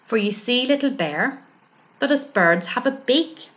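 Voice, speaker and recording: Woman doing a gentle, wise female owl, slow and patient. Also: fairly high pitch, expressive, lo-fi sound, pitched above the performer's own voice. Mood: explaining. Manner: gentle and explaining.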